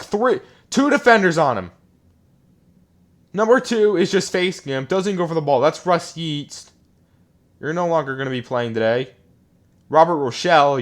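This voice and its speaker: A young man giving live commentary while playing a football video game, often frustrated, muttering low one moment and yelling the next. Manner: frustrated, ranting, swings between muttering and yelling. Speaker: gaming YouTuber. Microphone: desk microphone.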